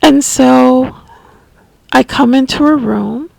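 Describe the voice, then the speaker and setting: A woman telling a personal story as a caregiver, unscripted, halting and restarting often. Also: high voice, gravelly, no room sound. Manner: halting, with frequent restarts and soft asides. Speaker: family caregiver sharing memories.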